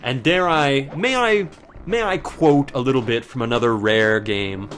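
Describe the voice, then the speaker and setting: Soft music plays behind a young man speaking in an unhurried, medium-pitched, slightly bright voice as he commentates a video game. This casual let's play turns into a rambling, sarcastic story about work, full of swearing.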